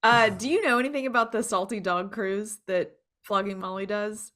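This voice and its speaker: A woman's voice: mid-range voice, steady tone, normal speed, crowd noise. A woman co-hosting a podcast in a casual chat, talking freely and laughing often between sentences. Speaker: podcast co-host.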